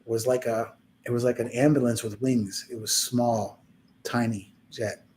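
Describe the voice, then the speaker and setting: A man's voice: medium pitch, fairly even intonation, a little slow, darkish tone, slight background noise. A young man telling a personal story in a casual podcast chat, rambling and heartfelt, acting out the people he quotes.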